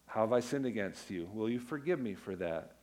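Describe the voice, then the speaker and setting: A man's voice: fairly low pitch, animated, fairly quick, a little mellow. Man preaching a conversational sermon. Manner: storytelling, conversational with emphatic declarations. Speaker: pastor.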